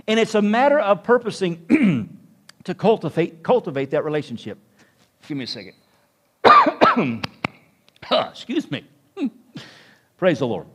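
A man's voice: sits high, huge pitch swings, measured pace, long pauses, sharp tone, slightly rough. A man preaching as a pastor to a congregation, with emphatic rising peaks in his delivery. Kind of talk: sermon. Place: church room with congregation.

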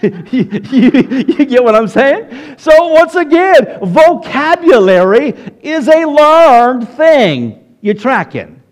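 A man's voice: very high voice, big pitch swings, takes it slowly, hardly any pauses. A man with a Southern US accent preaching a sermon in church, asking the congregation questions directly. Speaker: pastor.

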